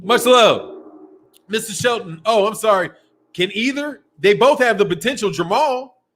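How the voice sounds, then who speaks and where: Slangy, high-voiced Chicago-raised man. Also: a little slow, a bit bright. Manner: loose, slangy, laughs often. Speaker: boxing channel host. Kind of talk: casual live stream chat.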